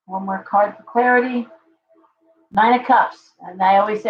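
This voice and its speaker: Hosting a tarot reading on a live stream, this woman speaks at normal speed in a medium-pitched, steady tone, her voice giving out as she chats warmly and reassuringly with viewers. The sound is roomy and somewhat dull, carrying a little hiss or hum.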